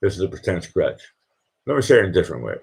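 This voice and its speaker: This is a middle-aged man, hosting a casual live stream. His voice is low and husky, and his pitch swings widely as he rambles, repeating words and restarting sentences. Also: very animated, rapid-fire, darkish tone. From Boston.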